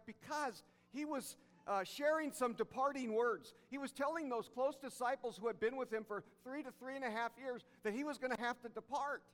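Emphatic preaching man, high voice. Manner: emphatic, repeats key phrases, drops to soft low tones for emphasis. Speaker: pastor. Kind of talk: sermon. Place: church sanctuary. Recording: church hall reverb.

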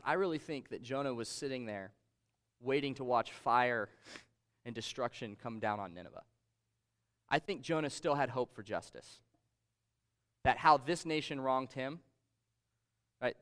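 A man preaching a conversational sermon, reading scripture aloud and explaining it with shifting emphasis. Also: mid-range voice. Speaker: pastor.

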